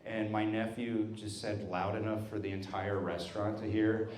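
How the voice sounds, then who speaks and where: A man doing a stand-up comedy set, telling stories in a deadpan way with acted quotes. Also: fairly low pitch, moderate pace. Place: brewery stage with live audience. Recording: roomy live venue with crowd laughter. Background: audience laughing.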